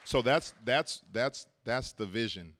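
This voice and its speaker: A man's voice: mid-range voice, animated, unhurried, a bit bright. A man preaching at a church service, telling a personal story in a casual way, laughing often and repeating words as he goes.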